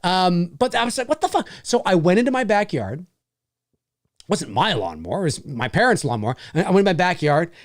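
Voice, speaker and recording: Animated man hosting a livestream. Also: high-pitched, a little fast, no room sound, studio quality. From Canada. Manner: animated, profane, laughs often. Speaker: livestream host. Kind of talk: casual livestream chat.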